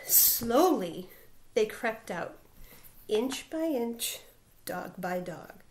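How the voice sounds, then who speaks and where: Expressive high-voiced woman reading aloud. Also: extremely slow, long pauses. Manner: expressive storytelling with dramatic sound words. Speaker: teacher reading to students. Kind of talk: children's picture book read-aloud.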